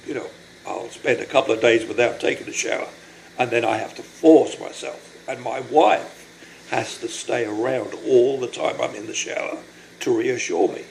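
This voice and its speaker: An older man recording a personal video diary, speaking in a halting, apologetic, emotional way and short of breath from illness. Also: mid-range voice, gravelly, darkish tone, a little hiss or hum, low-quality recording. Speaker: vlogger.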